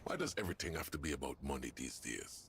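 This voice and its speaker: A man's voice: very deep voice, very animated, quick pace, a bit bright, a little hiss or hum, heavily acted. An actor playing a flirtatious, teasing man in a video game who calls people sugar. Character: flirtatious sleazy man at a card table.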